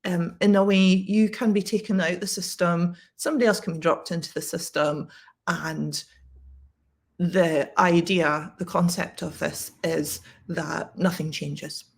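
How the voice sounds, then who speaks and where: A Scottish woman talks straight to camera, chatty and full of little restarts. Her voice sits fairly low and has a gravelly, husky edge. She tells a casual story as an English teacher. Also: steady tone, a little slow. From Scotland. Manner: chatty, frequent fillers and restarts.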